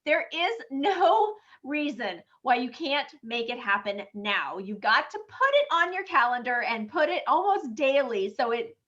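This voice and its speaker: Upbeat hoarse woman director rallying a sales team, high and bright, muffled call audio. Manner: upbeat and encouraging. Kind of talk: team meeting presentation.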